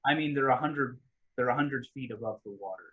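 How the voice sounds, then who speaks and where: Husky guy dming a tabletop game, loose and casual, lots of "like". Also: medium pitch, fairly quick, phone-quality sound. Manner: casual, loose narration full of "like" and restarts. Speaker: game master.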